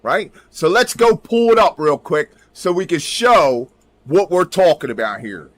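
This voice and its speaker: This man's voice sits on the high side, with lively intonation and an unhurried delivery on a dry recording. He hosts a livestream, searching on his computer while rambling emphatically, drifting into mutters and repeating "right?" over and over.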